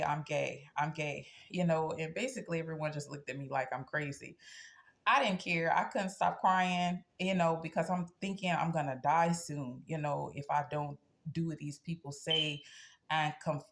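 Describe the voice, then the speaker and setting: A woman with a low, gravelly voice talks straight to her viewers. She is casual and blunt, and she keeps tagging her points with "okay?". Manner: tags nearly every sentence with "okay?"; earnest and blunt, telling a personal story. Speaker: spiritual practitioner and channel host. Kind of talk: casual talk to camera.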